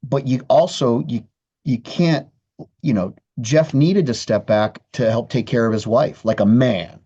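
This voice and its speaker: Man guest, candid and profane, mid-pitched, slightly dull lo-fi sound. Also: unhurried, dark tone, breathy edge. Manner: candid, profane, many restarts. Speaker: guest guitarist. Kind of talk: casual conversational interview.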